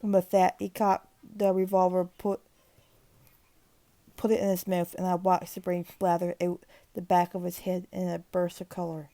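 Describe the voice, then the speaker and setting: A woman reading a creepypasta aloud in a steady, grim narration with occasional restarts. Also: on the low side, normal speed, no room sound. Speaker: horror story narrator.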